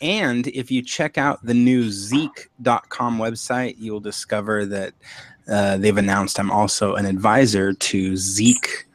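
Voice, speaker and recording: Low-voiced man, brisk and friendly. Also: fairly even intonation, no room sound. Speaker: panel guest. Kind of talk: casual podcast intro.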